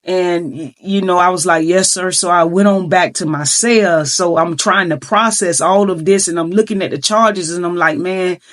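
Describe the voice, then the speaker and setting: A woman's voice: on the low side, normal speed, few pauses. A middle-aged woman earnestly recounting her own life story in a vlog, emotional and full of filler phrases. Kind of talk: personal storytelling.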